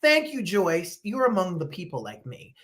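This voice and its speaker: Chatty woman host from New Jersey, lively up-and-down delivery, rambling and casual. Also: on the low side, moderate pace. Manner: animated, chatty, rambling storytelling. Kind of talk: casual chat while eating on camera.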